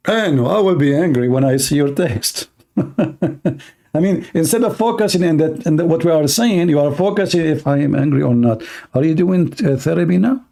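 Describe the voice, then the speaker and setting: Gravelly-voiced sarcastic male host. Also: fairly high pitch, animated, measured pace, long pauses, mellow. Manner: sarcastic, fires rhetorical questions. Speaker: online talk show host. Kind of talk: argumentative commentary.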